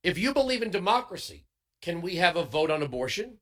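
A talk radio host holds forth in an emphatic, sarcastic monologue, peppering it with rhetorical questions. His voice sits high for a man and swings widely in pitch, with a bright, forceful tone. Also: very animated, brisk.

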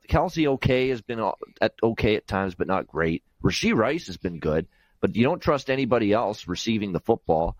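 A man giving a guest's sports betting breakdown in a steady, methodical way. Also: deep voice, dry recording, low-quality recording.

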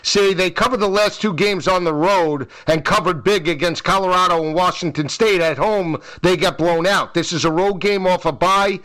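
A man co-hosting a casual sports betting chat, excitable and playful, making betting picks. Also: high voice, moderate pace, few pauses. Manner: excitable, playful, breaks into sound effects. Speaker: co-host and betting analyst.

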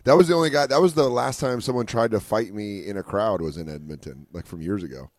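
A low-pitched man co-hosts a comedy podcast in a dry, close studio sound. He tells crude road stories with swearing and snaps into quick voices for the people he describes. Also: dry recording. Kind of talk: casual chat, telling profane stand-up road stories. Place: radio studio.

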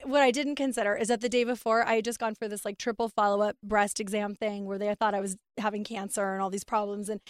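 A woman telling a story in casual chat, animated and profane, acting out her own texts. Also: mid-range voice, quick pace, few pauses, smooth, dry recording, studio quality.

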